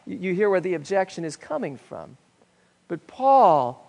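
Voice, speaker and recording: A male pastor preaching a sermon, swinging between loud emphatic declarations and hushed, quiet lines. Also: very high voice, expressive, moderate pace. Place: church sanctuary. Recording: long reverb of a church hall.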